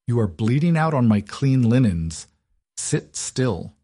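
A man voicing a fierce, commanding young wife who gives sharp, urgent orders. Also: mid-range voice, big pitch swings, slow, husky, heavily acted.

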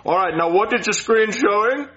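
A man doing an overly polite tech support agent in a higher register. He reads out scripted customer-service phrases, and the recording is slightly lo-fi. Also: expressive, normal speed, crowd noise.

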